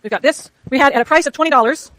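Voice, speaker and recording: A woman lecturing a university economics class, rushing through clicker questions and talking to herself as she works her slides. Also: high-pitched, fairly bright tone, no room sound. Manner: rapid, chatty, self-talk while working slides. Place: lecture hall.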